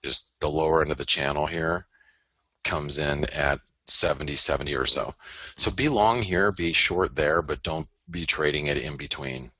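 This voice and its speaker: A man's voice: rumbling low, moderate pace, sharp tone, dry recording. A man hosting a live currency-market analysis broadcast, rambling, self-interrupting and joking as he goes through his charts. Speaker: host and currency trader.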